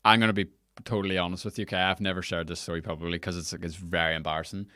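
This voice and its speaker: Forceful podcast host. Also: male voice, low voice, little pitch movement, rapid-fire, dry recording, clean studio sound. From Northern Ireland. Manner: candid, chatty. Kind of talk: casual interview chat.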